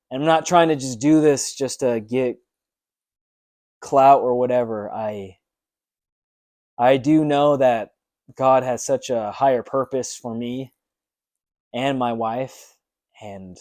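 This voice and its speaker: A man's voice: medium pitch, slow pace, long pauses, a little mellow, no room sound, clean studio sound. A young man talking earnestly in a personal fitness vlog, motivational and full of ums. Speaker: fitness vlogger.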